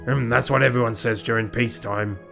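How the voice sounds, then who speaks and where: A man voicing a stern male rooster police inspector with a pirate voice, speaking slowly and gravely. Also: mid-range voice, steady tone, bright, forceful tone, faint music behind.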